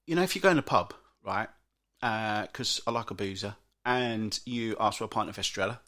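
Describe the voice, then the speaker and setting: A British man hosting a solo podcast, grumbling in an exasperated rant with frequent restarts and big jumps in pitch. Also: brisk, sharp tone. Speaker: podcast host. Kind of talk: solo ranting monologue.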